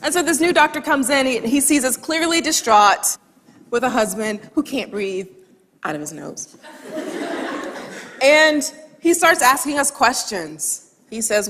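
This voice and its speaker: A woman giving a talk, telling a humorous story with quoted dialogue in a lively way. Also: a little high, moderate pace. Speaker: speaker. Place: large hall with audience. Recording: long hall reverb.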